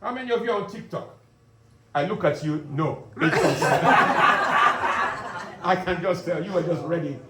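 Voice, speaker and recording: A man's voice: a little slow, long pauses, background noise, natural voice. A man performing stand-up as a boastful, bombastic self-styled male African dictator who lectures and teases his audience. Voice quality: booming, boastful, commanding. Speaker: stand-up comedian. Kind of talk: character stand-up comedy. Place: pub gig room. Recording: echoey pub, distant mic, loud crowd.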